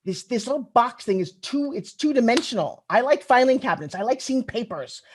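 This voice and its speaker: Animated middle-aged woman giving a keynote. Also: on the high side, brisk, a little hiss or hum. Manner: animated, chatty, addresses the audience directly. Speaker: keynote speaker. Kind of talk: conference keynote storytelling.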